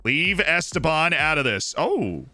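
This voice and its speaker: Bright-voiced excitable male streamer. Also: a little high, measured pace, faint music behind. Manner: excitable, jokey, talks to himself. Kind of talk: casual game commentary.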